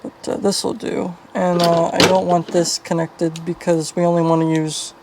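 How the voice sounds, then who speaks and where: A woman video host narrates a hands-on fan wiring repair at a bench, thinking aloud and muttering casually as she works. Her creaky voice has little pitch movement and a moderate pace, and the recording is very noisy.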